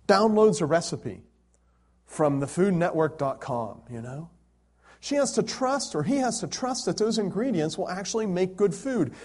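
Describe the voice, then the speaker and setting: A man preaching a sermon, animated and conversational, with humor and rhetorical questions. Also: on the high side. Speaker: pastor.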